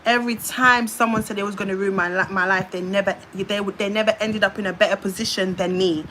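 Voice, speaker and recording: A young woman with a British accent tells a winding personal story on a phone livestream, circling back and trailing off into repeated filler sounds. Her voice sits at an ordinary middle pitch. A faint background hiss runs under her words. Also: steady tone, quick pace, fairly bright tone, rough recording. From United Kingdom.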